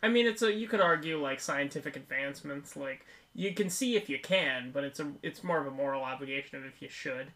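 Twenties, mid pitch, podcast co-host, casual film review, rambling, tangent-prone. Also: fairly quick, few pauses, a bit bright. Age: 20s. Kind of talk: casual movie-review banter.

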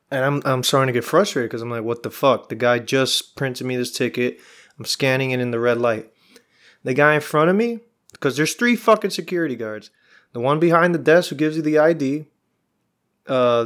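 A man's voice: medium pitch, fairly bright tone. A young man, hosting a podcast and telling a rambling, exasperated, profane story in casual chat. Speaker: podcast host.

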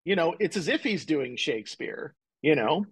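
A man's voice: fairly high pitch, big pitch swings, moderate pace, slightly rough, poor audio. A man guesting on a podcast, talking enthusiastically in a rambling way, full of "like" and "you know". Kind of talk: casual chat.

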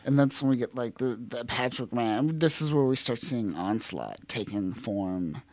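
A man's voice: mid-range voice, moderate pace. A man co-hosting a casual podcast, recapping a comic book issue in a loose, profane way. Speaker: podcast co-host.

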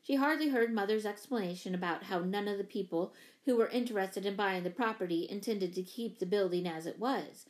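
A woman narrating a children's novel in a clear, even storybook reading. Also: mid-range voice, a little fast, few pauses. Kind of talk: scripted narration.

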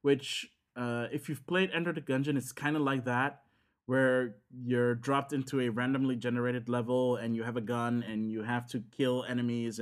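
A man, chatting casually on a podcast and rambling with lots of fillers and restarts. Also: medium pitch. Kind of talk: casual chat about games.

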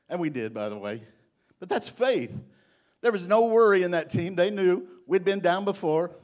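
A middle-aged man preaching a sermon, stressing each point by repeating it and reading scripture slowly. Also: fairly high pitch.

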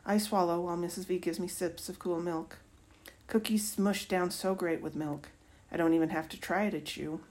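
A woman, a teacher, reading a novel aloud in an expressive first-person voice. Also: lowish voice, moderate pace.

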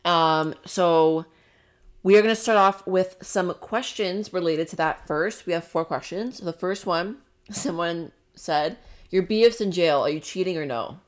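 A young woman with a slightly low voice chats casually as a podcast co-host. She is frank and straight up, fills her talk with "like", and swears without fuss. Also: a little slow. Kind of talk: casual chat.

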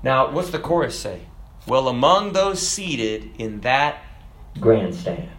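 Preacher, male, bright ringing voice, recites lyrics, builds to fervent shouts, echoey room. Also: medium pitch, sing-song, slow. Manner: rises to shouting fervor, recites lyrics with rhythm. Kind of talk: sermon.

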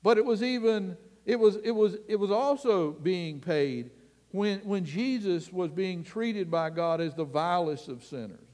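A man preaching a sermon as pastor, earnest and deliberate, sometimes dropping his voice to a hush. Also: a little high, long reverb tail. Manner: slow, earnest preaching with dramatic drops to a hush.

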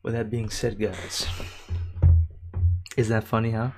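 A young man chats on a livestream in a lowish voice, loose and full of slang and swearing. He laughs a lot and reads viewer comments aloud warmly. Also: steady tone, measured pace, music in the background. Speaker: livestream host. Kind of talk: casual livestream chat.

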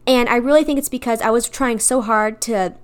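A young woman in her twenties talks earnestly and personally about her faith as a podcast host. Her voice sits a little high, and her speech is casual and confessional, with many "like"s and "you know"s. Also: a little fast, smooth.

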